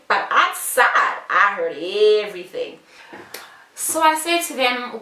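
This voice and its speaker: A woman from South Africa telling her own story to camera in a casual vlog, animated, acting out the other people's lines. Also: on the high side, unhurried, reverberant, distant mic. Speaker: vlogger.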